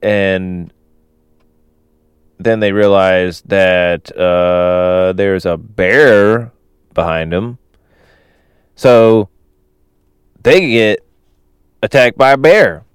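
A man recounts a film plot in a loose, rambling way, full of fillers and little chuckles. His voice sits fairly low and sounds smooth and clear. The recording is dry and close, with no room sound. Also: very slow, pauses often, no echo. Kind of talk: casual film plot retelling.

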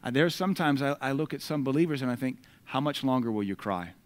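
A man with an American accent delivers a sermon in a middle-pitched voice. He reads scripture with loud, emphatic bursts and then drops into relaxed, conversational asides aimed at the congregation. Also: fast talker. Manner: conversational asides between readings. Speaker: preacher.

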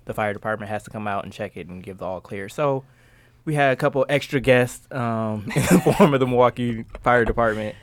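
A man's voice: medium pitch, fairly quick, dry recording. A man in casual podcast chat, easygoing and self-deprecating as he tells a story.

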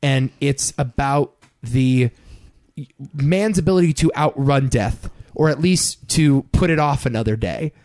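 A man's voice: mid-range voice, a little mellow, dry recording. A man co-hosting a podcast, discussing films casually with a wry, joking manner into a microphone. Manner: wry, quick with dry jokes. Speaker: podcast co-host.

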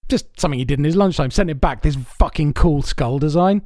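This is a man, a podcast host, in casual chat. His voice sits a bit high for a man, and he talks in loose, sweary, self-amused tangents. The sound is close and dry, with no room to it. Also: fast talker, mellow, no echo.

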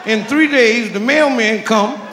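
High-voiced profane stand-up man. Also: unhurried. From Detroit. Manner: profane, chuckles through his own punchlines. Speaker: stand-up comedian. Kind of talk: stand-up comedy set. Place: comedy club stage. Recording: echoey live club recording with crowd noise. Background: audience laughter and club ambience.

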